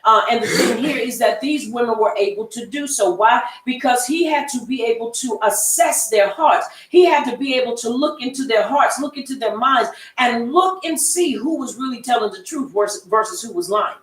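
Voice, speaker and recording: Woman, Bible class teacher, folksy conversational talk, higher voice, echoey room, distant mic. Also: moderate pace, few pauses. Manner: conversational, folksy, repeats herself and acts out quoted voices. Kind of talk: Bible study lesson.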